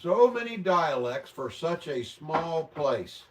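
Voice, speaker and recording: A man's voice: fairly high pitch, sing-song, slow pace. A man from the American Midwest, hosting a casual livestream and reacting to viewer comments with mock-outraged, profane exclamations. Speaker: livestream host. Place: home, indoors. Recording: voice a bit distant from the mic.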